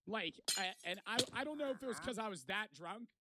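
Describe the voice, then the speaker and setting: A man's voice: high voice, expressive, brisk, heavy background noise. A man in his twenties telling a rambling, profane story in casual vlog style. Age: 20s. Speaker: vlogger.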